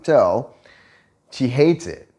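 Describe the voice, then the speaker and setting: A man tells a story in a casual chat. He swears a lot, jokes and laughs often, and his pitch swings widely. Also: sing-song, very slow, warm tone. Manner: profane, joking, laughs often. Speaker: vlogger.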